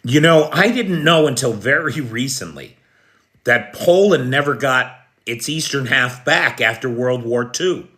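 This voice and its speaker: An American livestream news host with a medium-pitched, fairly bright voice speaks expressively and without hurry. He chats casually, answers viewers' comments by name, and clears his throat often.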